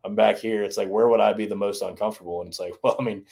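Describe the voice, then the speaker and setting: Guest type: low monotone Southern man, chatty coach, rambles. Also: rapid-fire, gravelly. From American South. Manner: rambling, many restarts and "you know"s. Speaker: former college baseball strength coach, guest. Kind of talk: casual podcast interview.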